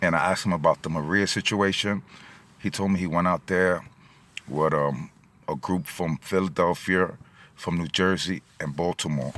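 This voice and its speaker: A man's voice: sits low, steady tone, normal speed, fairly bright tone. A middle-aged man with a New York accent, telling a story in a casual vlog. He rambles with many fillers and gets emotional. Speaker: vlogger. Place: in and around his car at a gas station.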